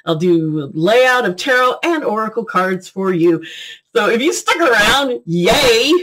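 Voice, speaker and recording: Middle-aged woman, giggly and rambling, casual vlog chat at a mid pitch. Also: expressive, slow pace, a bit bright. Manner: chatty, giggly, jumps between topics. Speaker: beauty and tarot vlogger.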